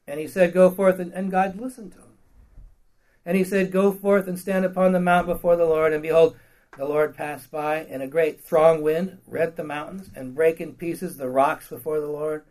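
Preacher, male, slightly high voice, scripture reading mixed with joking modern paraphrase and questions to the congregation. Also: fairly even intonation, normal speed, a little mellow, rough recording. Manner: reads King James verses, then paraphrases them in blunt slang with laughs.

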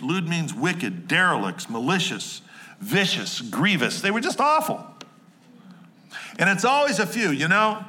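A man delivers a sermon with a New Jersey accent, joking and chatting with his congregation as he goes. His voice sits a touch high and rings bright. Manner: conversational and jokey, quick asides to the congregation. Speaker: pastor.

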